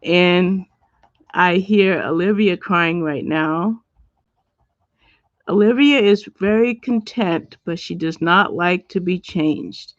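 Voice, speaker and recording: A middle-aged woman hosting a casual livestream, chatting and reading viewer comments out loud at home. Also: on the low side, no echo. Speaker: livestream host. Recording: dull lo-fi dry sound.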